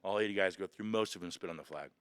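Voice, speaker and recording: A man recounting his Marine boot camp experience as a podcast guest, animated and emotional, acting out shouted orders. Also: sits low, fast talker, clear, resonant tone, no room sound. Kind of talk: emotional storytelling. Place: museum.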